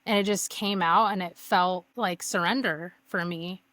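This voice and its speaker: A woman's voice: lowish voice, fairly even intonation, measured pace, a bit bright, no room sound. A young woman candidly telling her personal story as a podcast guest, earnest, with many fillers and restarts.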